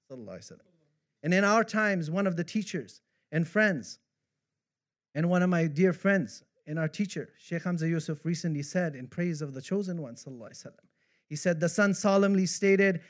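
Man, high-pitched, impassioned, devotional sermon. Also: animated, quick pace. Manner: impassioned, rising to fervent recitation of poetry. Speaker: preacher.

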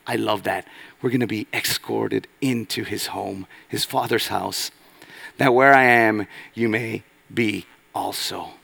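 A man preaches a sermon in a church. His voice has a gravelly, creaky edge. He swings between loud emphatic lines and hushed, low passages. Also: measured pace. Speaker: pastor. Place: church sanctuary.

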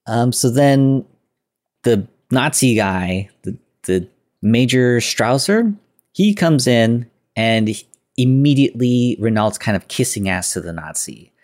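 A man's voice: medium pitch, lively intonation, slow, a little mellow. A man hosting a podcast, loosely retelling a classic film with lots of filler words and quoted lines. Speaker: podcast host. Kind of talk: casual film recap.

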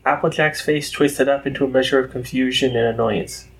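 A man reading a story aloud in a steady, unhurried voice. His pitch sits in an ordinary middle range, neither high nor low. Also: poor audio. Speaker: narrator. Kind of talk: reading fan fiction aloud.

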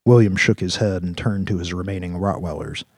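Deep, husky-voiced male narrator. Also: brisk, dry recording, clean studio sound. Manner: steady storytelling. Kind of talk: scripted audiobook narration.

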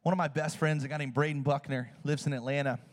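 A man preaching in a casual, animated storytelling way. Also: on the high side, fast. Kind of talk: sermon storytelling. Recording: long hall reverb.

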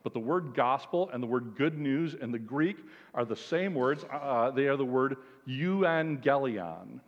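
A man, a pastor, delivering an emphatic, animated sermon with lots of repetition. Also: mid-range voice, a little slow. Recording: dull sound, long hall reverb.

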